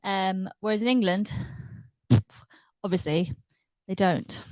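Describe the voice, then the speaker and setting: A woman's voice: medium pitch, slow, dry recording, low-quality recording. A woman, chatting casually and rambling with her viewers on a live stream. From Wales. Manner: chatty, rambling, lots of fillers and likes. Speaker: livestream host.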